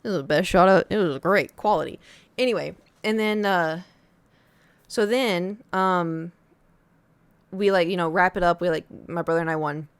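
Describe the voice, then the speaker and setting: Streaming from home, a young woman tells her chat a long story in a casual, animated way, jumping into a high voice whenever she quotes someone. Her voice is clear and resonant at a normal speed, and the sound is close and dry with no echo or room around it.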